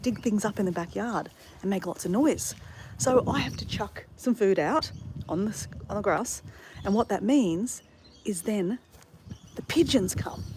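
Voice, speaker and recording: A woman's voice: medium pitch, a little mellow, slight background noise. Chatty woman venting outdoors. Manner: chatty, exasperated ranting with swearing, laughing at herself. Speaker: vlogger. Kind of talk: casual vlog chat. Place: suburban backyard outdoors.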